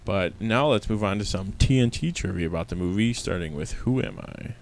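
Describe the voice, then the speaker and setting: A man co-hosting a casual movie review podcast, chatty and quick to laugh as he retells scenes. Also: lowish voice, lively intonation, creaky, a little hiss or hum, poor audio. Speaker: podcast co-host.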